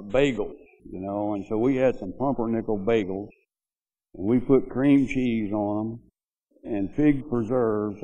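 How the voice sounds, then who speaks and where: A man's voice: lowish voice, mellow, muffled recording. An older man giving a eulogy at a memorial gathering, telling rambling, folksy anecdotes about an old friend with lots of "you know"s. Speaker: eulogy speaker. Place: memorial gathering, speaking to mourners.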